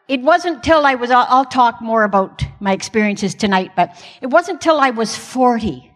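Speaking at a moderate pace with lively intonation, a pastor's wife in middle age tells her congregation her own story. Her fairly high voice carries self-mocking humor, echoing with long hall reverb.

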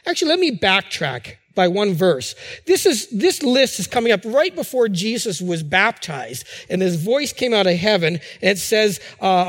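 Middle-aged male pastor, high voice, chatty sermon delivery with restarts, long hall reverb. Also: expressive, moderate pace. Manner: conversational preaching with fillers and restarts.

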